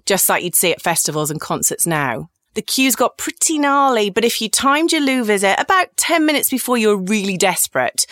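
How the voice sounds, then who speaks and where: A woman's voice: medium pitch, a bit bright, no echo, studio quality. A woman in her forties, a podcast host, tells comic personal stories in a candid, cheeky, self-mocking way.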